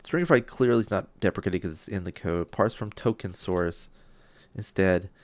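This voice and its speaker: A man's voice: deep voice, normal speed, no echo. A man streaming live as he codes a game, thinking aloud and muttering to himself, sometimes dropping to a whisper, loopy and self-deprecating. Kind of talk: live-stream coding talk.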